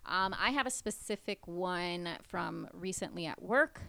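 A woman co-hosting a casual podcast, telling stories from her bartending work in an animated way and acting out what people said. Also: fairly low pitch, measured pace, creaky, smooth, no room sound. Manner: animated, acts out quotes with laughter. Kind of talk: casual chat and storytelling.

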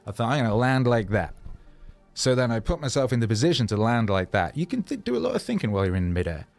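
A man's voice: mid-range voice, very animated, racing, creaky, soft background music. A man, a rapper, telling rambling, self-mocking stories in a casual monologue, loose with fillers and swearing.

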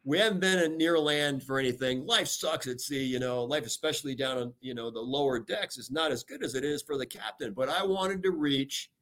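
An older American man, a retired admiral, speaks as a guest in an interview. He talks energetically and emphatically, stressing key words and filling gaps with "you know". His voice sits at an ordinary pitch for a man. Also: a little fast, hardly any pauses, a bit bright. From United States. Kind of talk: podcast interview. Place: talking remotely from home or office.

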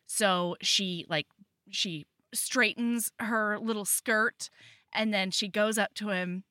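A woman's voice: mid-range voice, takes it slowly, dry recording, studio quality. A young woman co-hosting a book podcast, chatting casually and recapping a novel with gasps and giggles. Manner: giggly, gasping, animated storytelling. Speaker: podcast co-host. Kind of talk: casual chat.

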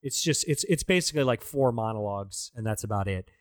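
A man's voice: lowish voice, expressive, quick pace, no echo, clean studio sound. A man in casual podcast chat, reviewing a bad movie with profane, sarcastic jokes. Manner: profane, sarcastic, mocking impressions.

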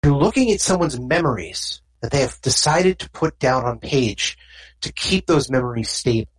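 A nonchalant man guarding a strange book speaks in a calm, soothing, cryptic way in a tabletop game, as the game master puts him on. His voice is pitched up and a little husky. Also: moderate pace, poor audio.

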